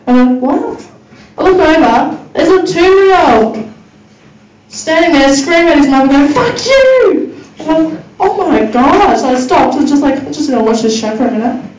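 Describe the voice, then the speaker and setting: Woman stand-up, high voice, crude and chatty with the crowd, faint room noise behind her. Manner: crude, swearing, chatty with audience, laughing at own jokes. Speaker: stand-up comedian. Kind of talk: stand-up comedy set. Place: comedy venue with audience. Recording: roomy, far from the mic, faint ambience.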